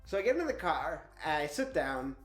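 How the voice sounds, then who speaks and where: A young man in his twenties telling a travel story in a vlog, animated and laughing often as he talks. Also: a little high, normal speed, reverberant, faint music behind. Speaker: travel vlogger.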